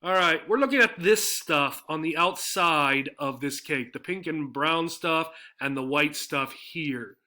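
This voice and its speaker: Bright-voiced man teaching English words. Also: on the high side, unhurried, few pauses. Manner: explanatory, frequent tag "right?" checks. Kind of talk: slide-based vocabulary lesson.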